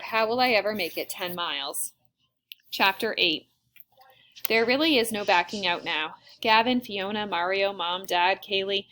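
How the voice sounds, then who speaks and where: A woman reads a first-person novel aloud in an even, steady storytelling manner. Her voice sits in a middle pitch, and her pacing is unhurried. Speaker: audiobook reader.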